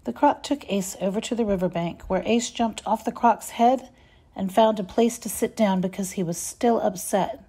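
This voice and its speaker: Lady reading a kids' storybook, mellow, kinda breathy. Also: medium pitch, moderate pace. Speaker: reader.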